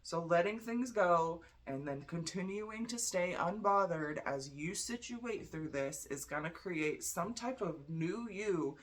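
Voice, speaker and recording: A woman's voice: on the low side, animated, measured pace, few pauses. A tired young woman giving a casual tarot reading, chatty and blunt, swearing freely. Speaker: tarot reader.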